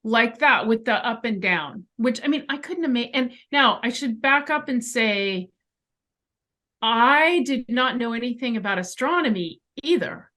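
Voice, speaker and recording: Speaking from her bedroom at home, a clairvoyant guest animatedly shares a personal story in conversation, peppering it with emphatic asides. Her voice is slightly high and unhurried.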